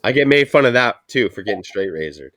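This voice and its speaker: A man's voice: mid-range voice, lively intonation, fast talker, fairly bright tone. A man co-hosting a casual podcast chat, telling stories and acting out what his coworkers said, swearing often. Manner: storytelling, acts out quoted coworkers, profane. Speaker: podcast co-host.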